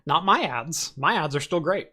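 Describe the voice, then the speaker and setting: A man's voice: on the high side, expressive, moderate pace, pushed and bright. A man hosting a casual tech podcast over a video call, chatty and laid-back with lots of fillers. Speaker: host.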